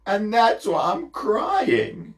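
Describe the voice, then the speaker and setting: A man's voice: high voice, huge pitch swings, extremely slow, voice pushed up, heavily acted. A man voicing a sorrowful old male prophet who earnestly explains his sadness, in a children's storybook telling. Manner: sad, earnest.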